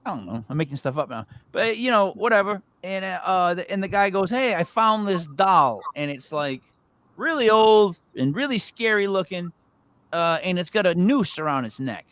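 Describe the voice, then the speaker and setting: A man's voice: high voice, moderate pace, no room sound. A man co-hosting a casual podcast, telling stories and acting out what people said. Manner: animated storyteller, acts out quotes. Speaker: podcast co-host.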